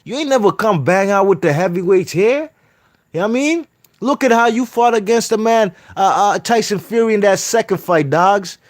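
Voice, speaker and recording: Male boxing commentator, heated and profane, shouting his rant at full tilt. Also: sits high, moderate pace, dry recording, studio quality. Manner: profane, heated, repeats "you know what I mean". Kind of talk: reading quotes then ranting commentary.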